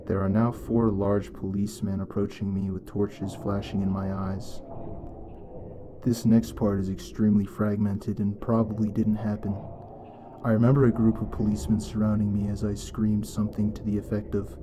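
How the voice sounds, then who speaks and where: A man reading a first-person story as scripted narration, in a measured, even way. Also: fairly low pitch, a little hiss or hum.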